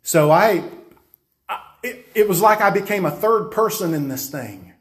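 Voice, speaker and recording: A man's voice: high-pitched, animated, a little slow. A man preacher giving a dramatic testimony, insistent and emphatic, acting out scenes as he talks. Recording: roomy echo.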